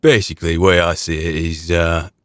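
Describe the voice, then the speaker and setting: Man, very deep voice, gruff, blunt, sweary, in-character talk. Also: level tone, brisk, a bit bright, no echo, clean studio sound. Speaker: roleplayer speaking in character. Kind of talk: in-character roleplay chat.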